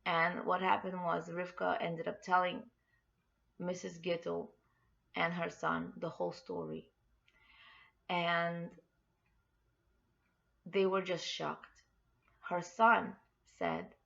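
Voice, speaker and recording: A woman's voice: fairly low pitch, level tone, takes it slowly, creaky, pauses often, fairly bright tone. A woman hosting an inspirational podcast, telling a story with earnest, heartfelt faith encouragement. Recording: dull lo-fi recording.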